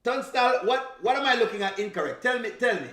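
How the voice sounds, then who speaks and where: A man's voice: extremely high pitch, animated, fast talker, a bit bright, roomy sound. A man from Jamaica with a Jamaican accent, chatting casually on a live stream, teasing and laughing and slipping into patois. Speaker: reaction streamer.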